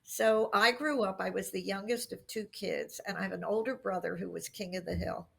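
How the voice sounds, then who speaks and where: A middle-aged woman speaks as a podcast interview guest, spinning anecdotes and acting out what people said. Her voice has a gravelly, creaky edge, and her pitch sits in an ordinary middle range. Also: normal speed. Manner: animated anecdotes with acted-out quotes. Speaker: guest expert on workplace communication.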